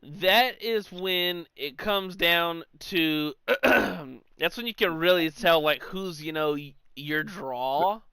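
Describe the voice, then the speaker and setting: High bright-voiced guy chatting sports. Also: takes it slowly, gravelly, clear, resonant tone, no echo. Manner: loose, profane, acts out quotes with laughs. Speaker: podcast co-host. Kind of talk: casual sports chat.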